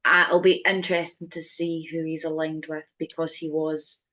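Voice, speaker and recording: A woman co-hosting a podcast in casual chat, chatty, with quick asides. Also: low-pitched, level tone, a bit bright. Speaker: podcast co-host. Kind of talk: casual chat recapping wrestling.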